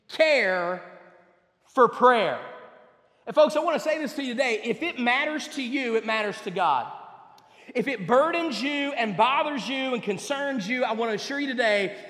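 A man preaching a sermon as pastor, emphatic, repeating words and swinging between loud and soft passages. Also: very high voice. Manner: emphatic, with repeated words and rising and falling delivery. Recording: echoey hall with long reverb.

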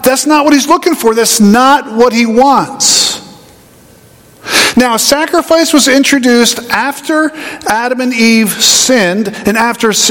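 A man preaching a sermon as pastor, emphatic, with rising questions and quieter low asides. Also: big-room sound.

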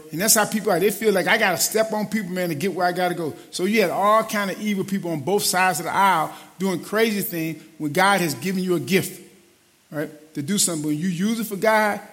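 High-voiced preacher man in a reverberant hall. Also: fairly bright tone. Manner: conversational preaching, says "man" often. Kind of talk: sermon.

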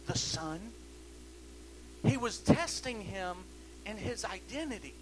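A man preaching a sermon in a church service, impassioned, repeating refrains that swell loud and then drop low. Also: very animated, slow pace, slight background noise, poor audio.

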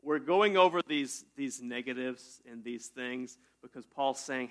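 A man preaching a casual sermon in a church, talking to his congregation like friends. He jokes often and breaks into sudden loud bursts before settling back down. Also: medium pitch, a little slow, hardly any pauses. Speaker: pastor. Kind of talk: conversational sermon.

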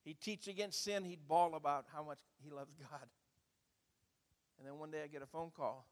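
A man's voice: a little high, steady tone, moderate pace, long reverb tail. A man preaching a sermon as pastor, telling a story and asking the congregation questions.

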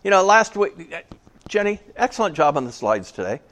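A man's voice: sits high, very animated, moderate pace, fairly bright tone. A man preaching a casual sermon to a small church, chatty and joking, asking the congregation questions. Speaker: pastor.

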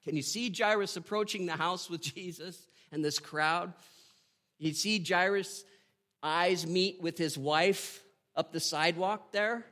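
A man giving a devotional Bible teaching. He reads scripture aloud and reflects on it with emotion and slow emphasis. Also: sits high, sharp tone. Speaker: preacher.

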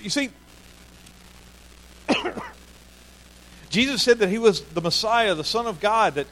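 A man's voice: sits high, lively intonation, slow, long pauses, a bit bright, low-quality recording. A man preaching a sermon in an earnest way, often repeating key phrases for emphasis. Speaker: pastor.

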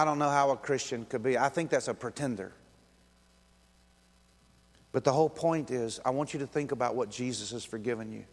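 A man's voice: medium pitch, vocal fry, big-room sound. A man preaching a sermon in a casual, conversational way, acting out quoted voices and chuckling as he goes. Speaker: pastor.

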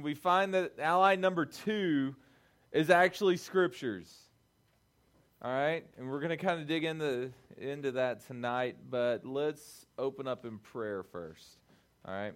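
A man preaching a relaxed, conversational youth-group sermon, often checking in with the listeners and restarting his phrases. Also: fairly high pitch. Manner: loose phrasing with restarts and fillers. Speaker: youth pastor.

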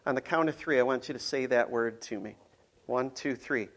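A man's voice: medium pitch, normal speed. A man preaching a casual, conversational sermon, playful and full of ums and restarts. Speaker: pastor.

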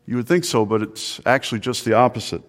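A man's voice: medium pitch, expressive, fast, soft background music. Guy pastor preaching, earnest, keeps restarting phrases, asks the crowd stuff, mid voice, big echoey hall. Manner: earnest, repeats words and restarts phrases, asks the listeners questions. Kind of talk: sermon. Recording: long hall reverb.

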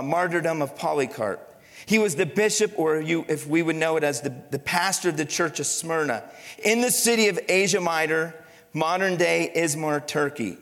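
A man's voice: on the high side, fairly bright tone, in a large hall. A man preaching a sermon as pastor, leaning hard on quoted verses and quizzing his congregation with questions. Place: church sanctuary.

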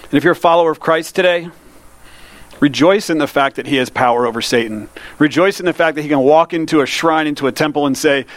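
A man's voice: fairly high pitch, dry recording. Earnest man preaching a sermon. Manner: earnest, asks the listeners direct questions; slows down on scripture readings. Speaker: pastor.

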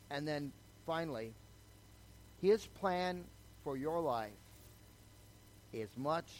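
An older man with a mid-range voice preaches a chatty sermon built on his personal testimony, telling his story and often asking the crowd "okay?" The audio is poor, with slight background noise.

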